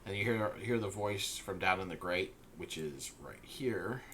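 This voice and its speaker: A man's voice: sits low, measured pace, fairly bright tone, slight background noise. A man narrating a tabletop game as game master, searching for words with many fillers.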